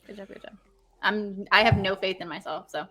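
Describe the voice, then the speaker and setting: A woman co-hosting a casual podcast, excitable and full of fillers as she plays a quick-fire quiz game. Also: mid-range voice, loud music behind the voice. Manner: excitable, lots of fillers and hesitations. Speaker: co-host.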